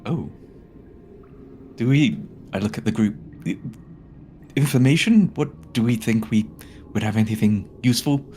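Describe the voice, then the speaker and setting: A man's voice: mid-range voice, lively intonation, a little slow, pauses often, warm tone, slight background noise. A man playing a tabletop game, polite and tentative, asking questions. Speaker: player. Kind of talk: casual tabletop role-play.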